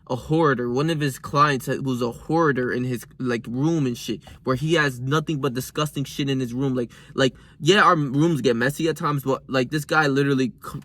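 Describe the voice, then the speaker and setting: Bright-voiced young man, slangy pep talk. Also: medium pitch. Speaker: vlogger. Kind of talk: casual motivational vlog.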